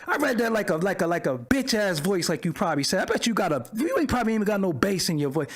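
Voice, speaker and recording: Talking fast with hardly any pauses, this man has a high-pitched, sing-song voice. He hosts the channel's livestream and rants in commentary style, trading profane, mocking jabs with viewers in the chat.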